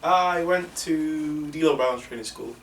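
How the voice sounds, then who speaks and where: A man's voice: fairly high pitch, slow, fairly bright tone. Chatty northern English man in an echoey room. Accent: northern English, near Manchester. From England. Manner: chatty storyteller, laughs as he talks. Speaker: guest, wrestler. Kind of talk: casual chat. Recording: echoey room, distant mic, faint hiss.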